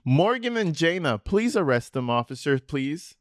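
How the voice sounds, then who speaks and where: A man talks over footage he is reacting to, heaping sarcasm and curse words on the people in it. His voice sits a touch high for a man. The sound is close and dry, with no room in it. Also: very animated, moderate pace, no echo. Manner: mocking, sarcastic, swears a lot. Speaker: commentator reacting to police footage. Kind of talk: profane reaction commentary.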